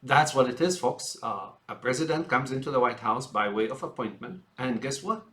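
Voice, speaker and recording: A man's voice: medium pitch, lively intonation, normal speed, pushed and bright. A man ranting about politics in a rambling, filler-heavy way, often calling his listeners folks. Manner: acts out quoted politicians in mocking voices. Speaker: political ranter. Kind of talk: unscripted political rant.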